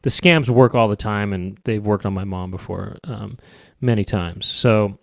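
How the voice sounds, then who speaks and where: A man's voice: fairly low pitch, a little slow, gravelly, no echo, studio quality. A man hosting a podcast and talking in a rambling, wry, casual comedic monologue that often trails off. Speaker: podcast host.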